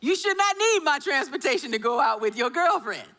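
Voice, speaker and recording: High bright-voiced woman preaching. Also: big pitch swings, fairly quick. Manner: storytelling with acted quotes. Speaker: pastor. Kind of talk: sermon. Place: church.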